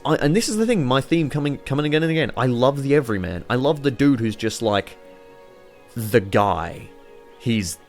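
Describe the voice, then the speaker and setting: A man rambling excitably and swearing freely as he chats casually over a city-building game. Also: medium pitch. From Australia. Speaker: YouTuber playing a city-builder.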